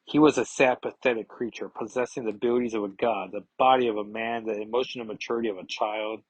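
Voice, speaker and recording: Guy reading a hurt angry heroine, husky voice, dry sound. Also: fairly low pitch, steady tone, fast, no room sound, dull audio. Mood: bitter. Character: grieving angry woman superhero.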